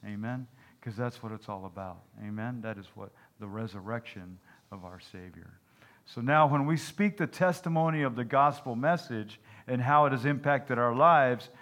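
Man, pastor, folksy sermon, keeps asking amen, mid-pitched voice. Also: a bit bright. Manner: folksy, repeatedly asking "Amen?" and "okay?", telling jokes.

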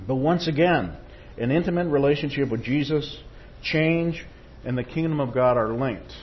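A man's voice: mid-range voice, moderate pace, highs cut off, slight background noise. A man preaching a sermon, reading quotations with rising force and checking in with the congregation. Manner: tag questions to the congregation.

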